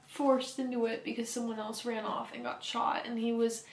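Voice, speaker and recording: Female book vlogger, hushed and chatty, slightly high, level intonation. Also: level tone, normal speed, creaky, few pauses, a little hiss or hum. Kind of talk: casual reading vlog chat.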